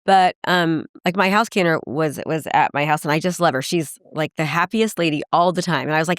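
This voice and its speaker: A fast-talking woman in her fifties tells stories in a podcast conversation, jumping in and out of other people's voices as she acts out what they said. Her speech is quick and lively. The recording is dry and close. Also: low voice, no room sound. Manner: animated storyteller acting out quoted voices. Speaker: guest, real estate coach.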